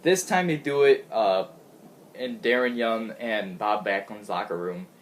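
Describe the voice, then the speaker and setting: A man's voice: on the low side, unhurried, slight background noise. A man giving a casual, rambling recap of a wrestling show, often laughing and restarting his sentences. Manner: chatty, giggly, rambling with restarts.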